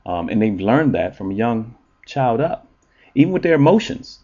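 A man who works as an entertainer and relationship show host, talking in a blunt, profane, animated monologue with frequent ums. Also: medium pitch, normal speed, lo-fi sound. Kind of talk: casual monologue.

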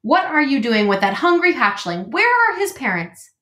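Give me a blunt old mother goose from a storybook, as a woman reads her aloud. She scolds in a brisk, raised voice that leaps around in pitch. The sound is roomy, with a clear echo. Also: big pitch swings, pushed and bright, full character voice. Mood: suspicious. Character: old gray female goose, bossy and blunt.

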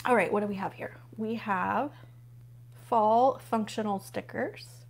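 Speaking at an unhurried pace in a creaky, medium-pitched voice, a woman hosts a casual live unboxing stream from home. She gushes over what she unpacks and chats with her viewers as she flips pages.

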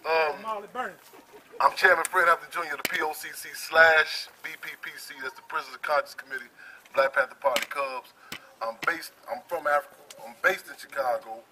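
Fast impassioned activist man. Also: fairly high pitch, steady tone, noisy background. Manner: impassioned, repetitive restarts. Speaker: activist speaker. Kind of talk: rally speech. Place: outdoor protest march. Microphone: handheld microphone.

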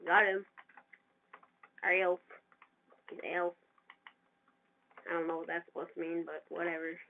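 Excitable gamer on a tinny mic. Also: medium pitch, unhurried, vocal fry. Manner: excitable, trash-talking the other players. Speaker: gamer narrating own play. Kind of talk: casual gameplay commentary. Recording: tinny lo-fi mic with faint hiss.

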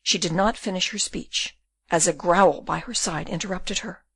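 A woman reading a classic novel aloud as an audiobook narrator, in steady storytelling. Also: lowish voice, moderate pace, breathy edge, dry recording. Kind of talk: scripted narration.

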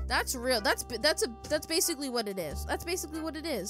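A young woman hosting a reaction video, casually chatting, excitable, laughing often and exclaiming loudly. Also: sits high, fast talker, hardly any pauses, music in the background.

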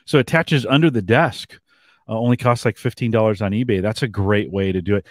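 Male host, lowish voice, meandering casual talk, dry studio sound. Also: a little fast, dry recording. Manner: rambling, filler-heavy, reads chat comments. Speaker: podcast co-host. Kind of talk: casual live-stream chat.

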